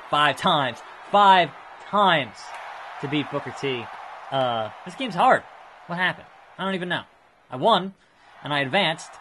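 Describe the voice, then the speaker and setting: A man hosting a let's play, giving excitable, self-mocking gameplay commentary. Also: mid-range voice, a little hiss or hum.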